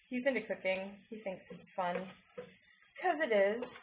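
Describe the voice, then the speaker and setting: A woman talks her viewers through her cooking on a livestream, chatty and quick to giggle. Her pitch swings widely while her pace stays slow and unhurried. A faint hum of the room sits behind her voice. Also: animated. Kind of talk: casual cooking livestream chat.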